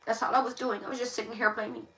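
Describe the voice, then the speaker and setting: This woman hosts a tarot live stream, her slightly high voice racing along with a flat, bright, forceful delivery. She gives an impassioned monologue, emphatic and preachy, repeating phrases again and again. The room echoes, the mic sits far away, and there's faint noise.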